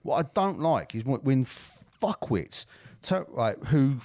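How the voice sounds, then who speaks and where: A man's voice: medium pitch, big pitch swings, measured pace, a little mellow, dry recording, clean studio sound. A man co-hosting a podcast, ranting and swearing in casual chat. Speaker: podcast co-host.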